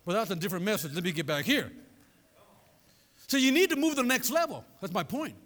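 A man preaching a sermon as pastor, animated and conversational, throwing asides to his congregation. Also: high voice, quick pace. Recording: long reverb of a large hall.

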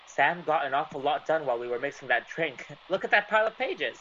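An actor playing an excitable, stammering man in an old-time radio drama. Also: fairly high pitch, a little fast, highs cut off, slight background noise. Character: curious man who finds a finished story.

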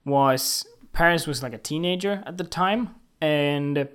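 A man's voice: a little high, clear, resonant tone. Man in an indignant, profane rant. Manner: indignant, emphatic and profane, with halting restarts. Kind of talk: casual opinion rant to camera.

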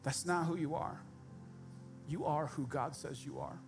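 A man's voice: fairly high pitch, unhurried, over music. A man preaching a sermon as pastor, speaking directly and conversationally to his congregation with humorous asides.

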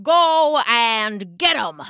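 Brief: a woman playing a gruff, hot-tempered old man for a children's audio story, slow and rough-edged. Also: a little high, expressive, no echo, clean studio sound, full character voice. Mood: commanding. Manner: gruff, shouting, muttering. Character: grumpy old man, a hunter easily angered.

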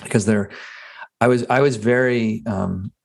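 A man with a low voice hosts a casual podcast interview. He stumbles and restarts his sentences often as he searches for words. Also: steady tone, creaky. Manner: halting, many restarts and fillers. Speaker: podcast host.

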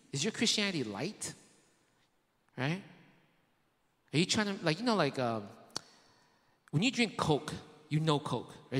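A man delivers a sermon in a loose, talky way, full of rhetorical questions, restarts and casual fillers. His voice sits a little high for a man. The sound rings out with the long reverb of a hall. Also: fairly bright tone. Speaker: pastor.

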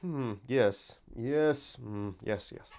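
Guy doing a snooty british radio brainiac, all soft hmms and yesses, low and hushed. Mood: pompous murmur. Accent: put-on British. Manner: slow, hushed, drawn-out "hmm, yes" murmurs. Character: pompous British public-radio intellectual man, murmuring approval. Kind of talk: mock intellectual impression.

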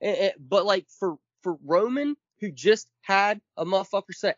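Podcast co-host, man, high-ish voice, emphatic profane rant, dull dry lo-fi sound. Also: lively intonation, normal speed, no echo. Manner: emphatic, profane, counts off points.

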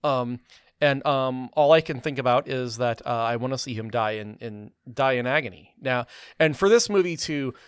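A man talking casually about a movie, rambling with lots of restarts and fillers, getting animated as he argues. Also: medium pitch, moderate pace, smooth, no room sound, studio quality. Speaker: film podcast co-host. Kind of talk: casual film review chat.

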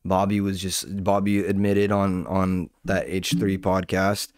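A man's voice: low voice, flat delivery, unhurried, smooth, no room sound, clean studio sound. A man ranting casually about online drama, profane and rambling, often breaking off and jumping between points. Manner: profane, rambling, self-interrupting. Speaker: commentator.

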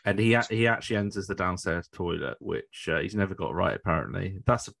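A man's voice: deep voice, fairly quick, gravelly, a bit bright. A man co-hosting a podcast, chatting casually, laughing easily and tagging on questions. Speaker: podcast co-host. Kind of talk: casual chat.

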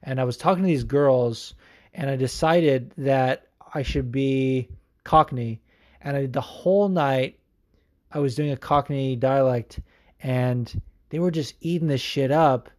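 A man's voice: mid-range voice, unhurried. A man hosting a podcast, chatting casually in a rambling, profane way with lots of filler words. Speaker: podcast host. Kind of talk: casual chat.

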